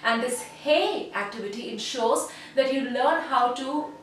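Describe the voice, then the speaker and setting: A woman giving an online voice lesson as a voice coach, speaking in a measured, instructive way and demonstrating sounds. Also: high voice, a little hiss or hum. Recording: very echoey room, voice heard from a distance.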